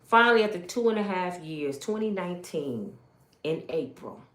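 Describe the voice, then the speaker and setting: A woman's voice: fairly low pitch, expressive, moderate pace, a bit bright, reverberant. A woman from Michigan giving an emotional personal testimony, telling her story with animation and speaking straight to her viewers.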